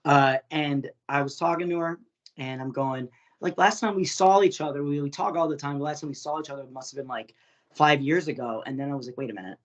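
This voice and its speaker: Man, podcast host, slightly high voice, dull lo-fi sound, casual chat, laughs a lot. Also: steady tone, brisk. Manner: laughs often, swears freely, many fillers.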